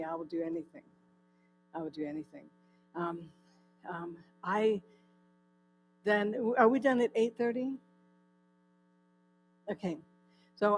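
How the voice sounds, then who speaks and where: A woman's voice: medium pitch, poor audio. Woman telling her recovery testimony. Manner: lively storytelling, acts out dialogue, laughs often. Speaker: guest speaker at a church. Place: church hall.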